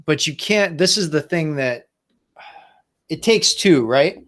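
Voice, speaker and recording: Male podcast host, martial arts coach, calm and measured, slightly high pitch. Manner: calm, brief questions and agreeing replies. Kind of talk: casual interview.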